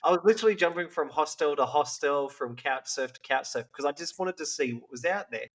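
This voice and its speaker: Man telling animated stories. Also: a little high, a little fast. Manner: animated storytelling, lots of "like". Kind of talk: casual podcast chat.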